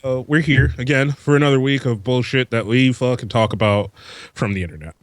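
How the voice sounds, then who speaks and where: A man's voice: medium pitch, fairly quick, no room sound. A man hosting a podcast, telling a story in casual, profane chat with frequent laughs. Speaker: podcast host.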